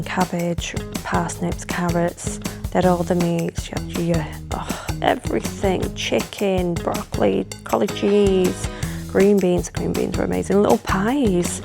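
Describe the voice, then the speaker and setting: A woman's voice: mid-range voice, steady tone, measured pace, vocal fry, over music. A woman, chatting casually and rambling animatedly as she talks to her vlog audience. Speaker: vlogger.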